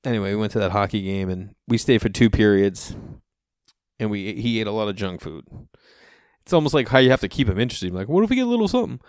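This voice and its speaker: A man from the Boston area telling rambling casual stories, jumping into animated voices for the people he quotes. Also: lowish voice, brisk, no room sound, clean studio sound. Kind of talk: casual storytelling monologue.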